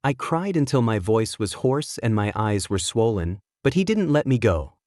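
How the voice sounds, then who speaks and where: A man reads a first-person romance story aloud in a steady, scripted narration. His voice sits in an ordinary middle register. The recording is dry and close, with no room sound. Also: fairly low pitch, normal speed, no echo.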